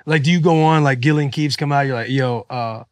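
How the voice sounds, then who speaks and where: A man's voice: fairly high pitch, fairly even intonation, fast, no echo. A man hosting a podcast, asking eager, joking questions in casual chat. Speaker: podcast host.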